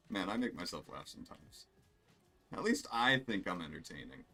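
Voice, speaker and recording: Low-voiced rambling male streamer. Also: very animated, normal speed, gravelly, sharp tone, faint music behind. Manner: rambling, profane, self-amused. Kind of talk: casual gameplay commentary.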